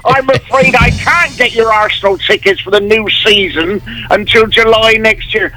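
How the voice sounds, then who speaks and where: A man's voice: sits high, normal speed, loud music behind the voice, natural voice, rough recording. A man voicing Santa's brother, a joking, chatty male pub worker, in a comedy radio bit. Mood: cheeky.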